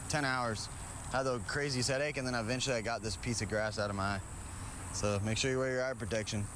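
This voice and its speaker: A young man vlogging with friends in casual, excitable chat, often shouting and laughing, recorded outdoors and in a vehicle. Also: mid-range voice, quick pace. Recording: loud background noise.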